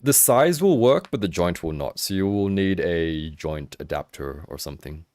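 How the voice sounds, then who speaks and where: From home in Hong Kong, a young man runs a laid-back action-figure livestream, talkative and animated, swearing without restraint and laughing through viewer questions. He speaks in a low voice at a moderate pace. The audio has studio quality with no echo.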